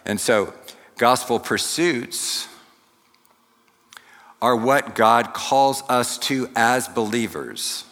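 A man preaching a sermon, teaching slowly and deliberately with asides to the congregation. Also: medium pitch, lively intonation, fairly bright tone. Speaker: pastor. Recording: long hall reverb.

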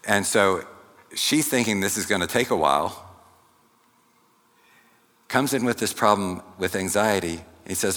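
A man preaching a sermon in a church hall, speaking slowly and deliberately and turning to the congregation with asides. His voice sits a little low but carries a bright, forceful edge. A long reverb trails each phrase. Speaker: pastor.

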